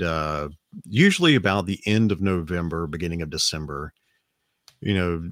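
Man, Southern American accent, low voice, dry recording, meandering reminiscing, lots of restarts. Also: a bit bright, no echo. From Alabama, US South. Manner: rambling, reminiscing, with frequent restarts. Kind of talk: casual storytelling.

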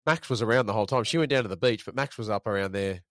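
A fast-talking man recalls film scenes in a casual review chat. He rambles and restarts his sentences. The sound is close and dry. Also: fairly low pitch, a bit bright, no room sound. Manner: rambling, repeats words. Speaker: podcast co-host.

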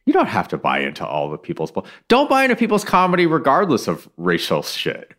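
A man's voice: on the low side, wildly swooping pitch, a little fast, fairly bright tone. A man co-hosting a podcast in casual chat, loose and profane, often restarting his sentences. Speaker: podcast co-host.

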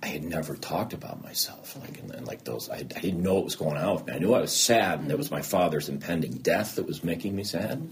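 A man in his thirties or forties, a guest in an interview, tells an earnest, candid story about his own life, poking fun at himself and acting out remembered dialogue. His voice is low with lively intonation, and he talks briskly with hardly any pauses. There's a slight hiss or hum in the recording.

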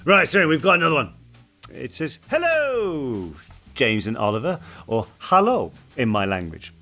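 A man's voice: mid-range voice, big pitch swings, fairly quick, pushed and bright. A man co-hosting a podcast, chatting casually and playfully and putting on silly voices now and then. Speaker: podcast co-host.

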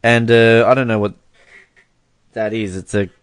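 A man's voice: fairly low pitch, level tone, unhurried, smooth, no echo. A man co-hosting a podcast in casual chat, who laughs often while reading messages aloud. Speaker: podcast co-host.

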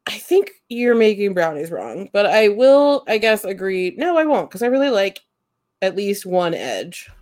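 A woman's voice: mid-range voice, very animated, unhurried, a little mellow. A young woman from Central Ohio co-hosting a casual podcast, blunt and opinionated. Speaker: podcast co-host. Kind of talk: casual chat.

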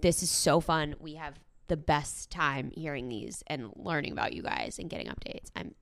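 A woman's voice: low voice, normal speed, gravelly, dry recording, studio quality. Gushing young woman podcast co-host. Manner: gushing, excitable, laughs easily. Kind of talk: casual chat.

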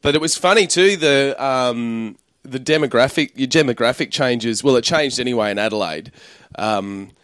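A man's voice: medium pitch, moderate pace, fairly bright tone, dry recording. Aussie comedian guy in his 30s, rambly stories, laughs a lot, dry close sound. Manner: rambling anecdotes, laughing often. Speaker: comedian guest. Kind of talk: casual chat.

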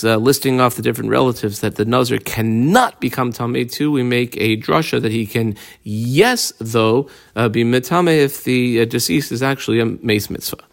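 A man giving a casual Talmud lesson, explaining a passage step by step and mixing Hebrew and Aramaic terms into his English. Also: mid-range voice. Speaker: Talmud teacher.

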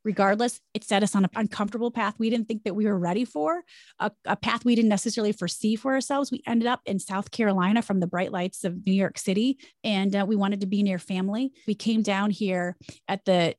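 A middle-aged woman, a former broadcaster, talking about faith and career change in an energetic, emphatic way. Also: medium pitch, a little fast, no room sound, studio quality. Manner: energetic, emphatic, preachy storytelling. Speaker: podcast guest, former broadcaster. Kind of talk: conversational faith-based interview.

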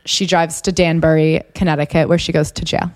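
A woman's voice: flat delivery, fairly quick, no echo, clean studio sound. A young woman co-hosting a podcast, chatting and reading aloud from a book, sarcastic and incredulous. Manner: sarcastic, incredulous, pitch jumps when exasperated. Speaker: podcast co-host. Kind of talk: casual chat reading from a book.

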